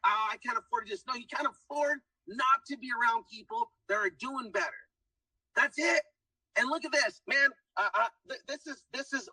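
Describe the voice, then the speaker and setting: A man with a very high-pitched, sharp voice gives an emphatic motivational testimonial, pitching hard, repeatedly saying "guys," and hyping people up. The low-quality recording has no echo, and he sits far from the mic.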